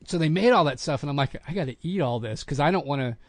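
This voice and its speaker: Animated storytelling man, dry sound. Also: on the high side, fast talker, dry recording. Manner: animated anecdote-telling, acts out quotes. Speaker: podcast host, voice actor. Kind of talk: casual storytelling chat.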